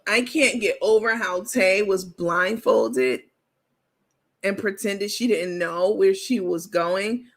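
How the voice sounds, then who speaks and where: Woman host, sassy livestream banter with viewers, bright forceful voice. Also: mid-range voice, creaky. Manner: sassy, joking, talks straight to viewers. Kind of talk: casual live-stream commentary.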